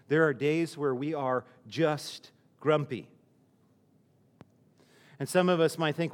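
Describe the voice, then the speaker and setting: A man's voice: mid-range voice, a little slow, big-room sound. A male pastor preaching a sermon in a conversational way, often restarting his sentences and using fillers.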